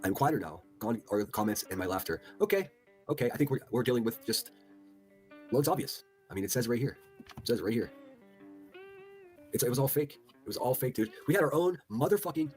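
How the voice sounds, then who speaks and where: Fast-talking profane male streamer. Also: mid-range voice, expressive, darkish tone, soft background music. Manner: profane, incredulous, reads chat posts aloud. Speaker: livestream host. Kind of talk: casual livestream commentary.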